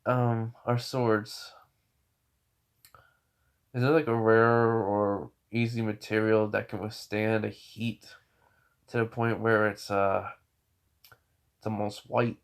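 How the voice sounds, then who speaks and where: A man voicing a calm, cold young male swordsman in a low, hushed, flat way while retelling a fan story. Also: takes it slowly, long pauses, smooth. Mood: curious.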